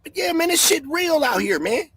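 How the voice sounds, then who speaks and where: High-pitched yelling man. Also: big pitch swings, moderate pace. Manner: yelling, fired-up, cursing. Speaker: livestream host. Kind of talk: loud commentary livestream. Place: home.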